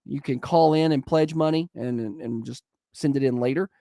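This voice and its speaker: A man's voice: medium pitch, normal speed, gravelly, dark tone, dry recording. A nasal man hosting morning radio with a stuffy nose and the odd sniffle. He rambles through announcements in an upbeat, casual way, in a dry, close sound. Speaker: radio morning show host.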